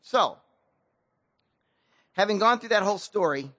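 A man pastor retelling a scripture story in relaxed, slangy speech, with a high and bright voice. He speaks with lively, animated emphasis. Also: measured pace, no room sound. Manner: casual slang-laced preaching, animated storytelling. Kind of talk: sermon.

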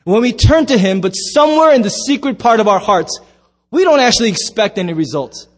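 A man with a high, light voice preaches a sermon in a church. He tells stories with animated voices and bursts into shouts now and then. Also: brisk. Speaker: pastor.

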